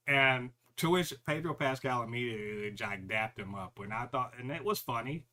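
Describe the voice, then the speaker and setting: Bright-voiced animated man ranting casually. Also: medium pitch, moderate pace. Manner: animated, profane, mocks others in put-on voices. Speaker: podcast co-host. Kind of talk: casual chat.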